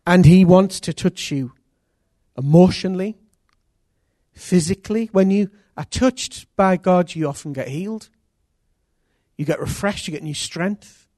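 A man preaching a sermon as pastor, earnest and intimate, with sudden loud rises. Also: high-pitched, measured pace, no echo, studio quality.

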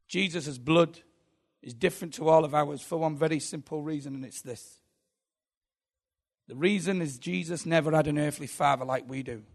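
Man, preacher, sermon, emphatic, repetitive cadence, gravelly. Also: a little high.

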